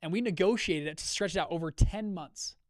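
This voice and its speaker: Male host of a live business call, fairly high-pitched with a dry sound, telling a story with animated, acted-out dialogue. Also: fairly quick, no room sound. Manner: energetic, acts out quoted dialogue with shifting voices; conversational, many fillers and check-ins. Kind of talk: storytelling talk to an audience.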